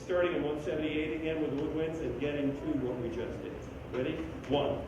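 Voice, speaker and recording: On the high side and steady in tone, a man briskly counts in his school band and sings rhythms on syllables during rehearsal. The audio is dull, with loud music behind him, room echo, a far-off mic, and background noise.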